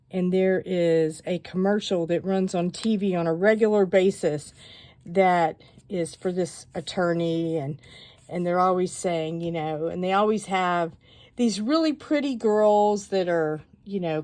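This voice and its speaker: A woman calmly walking viewers through a stamping craft project step by step, chatty and given to rambling asides. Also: fairly low pitch.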